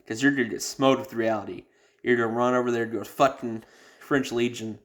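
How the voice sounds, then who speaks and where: A man's voice: mid-range voice, fairly even intonation, fairly quick. Blunt, profane man talking casually. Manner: blunt, profane, rambling with many fillers. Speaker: podcast host. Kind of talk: casual advice talk.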